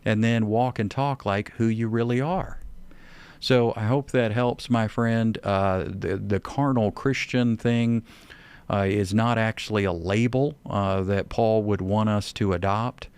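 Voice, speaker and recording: Texan guy explaining bible stuff to a caller, smooth low-ish voice, easygoing but earnest. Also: steady tone, unhurried, darkish tone, dry recording. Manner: conversational, earnest, explains step by step with scripture. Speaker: Bible teacher and radio show host. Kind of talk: answering a listener's question, teaching.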